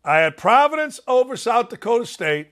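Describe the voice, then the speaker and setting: A man with a Chicago accent hosts a sports talk show, and his voice sits high for a man. He talks bluntly and brashly, and he is quick to poke fun at himself. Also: very animated, a bit bright. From Northwest Indiana. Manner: blunt, brash, self-mocking. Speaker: sports radio host.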